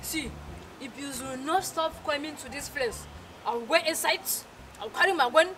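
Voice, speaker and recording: A woman's voice: high-pitched, moderate pace, a bit bright, a little hiss or hum. A woman with a Nigerian accent playing a stern, bossy young female gatekeeper in a comedy skit. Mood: scolding. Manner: bossy and scolding, shifting to giggly.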